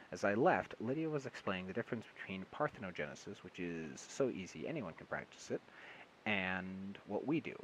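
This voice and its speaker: A man's voice: on the low side, a bit bright, slight background noise, low-quality recording. Man casually reading a story aloud. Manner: stumbling, self-correcting, with amused asides. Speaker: audiobook reader.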